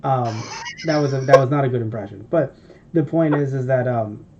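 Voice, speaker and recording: A man's voice: mid-range voice, normal speed, very noisy. A man co-hosting a podcast, telling a long, rambling, profane story in casual chat. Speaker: podcast co-host. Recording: dull lo-fi podcast audio.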